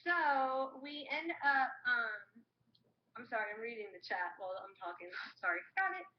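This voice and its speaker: A woman's voice: on the high side, expressive, moderate pace, roomy sound. A woman co-hosting a live stream, telling a rambling travel story with quoted voices. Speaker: co-host. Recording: dull lo-fi live stream audio with faint noise.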